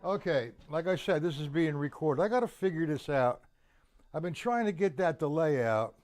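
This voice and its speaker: An older man leading a live online drum lesson, counting beats aloud slowly and patiently. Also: fairly high pitch, lively intonation, a little mellow. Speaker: drum teacher.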